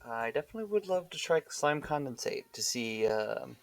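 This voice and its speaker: A man's voice: medium pitch, sing-song, moderate pace, creaky. A man streaming a game live, giving wry, chatty reactions as he plays. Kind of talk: casual live gameplay commentary.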